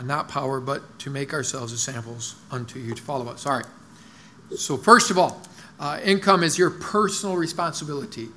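A man's voice: fairly high pitch, bright, forceful tone, a little hiss or hum. A middle-aged male pastor giving a conversational sermon in church, with many fillers and restarts.

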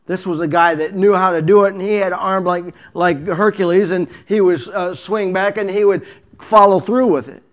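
A man preaching a storytelling sermon, retelling a scene with acted dialogue, stumbling and restarting often and sinking to a low, quiet voice for intimate points.

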